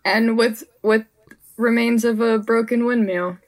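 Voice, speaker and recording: A woman's voice: fairly high pitch, a little slow. A young woman eagerly riffing on a comic story in casual chat, piling up "like" fillers. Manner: excitable, heavy on "like" fillers.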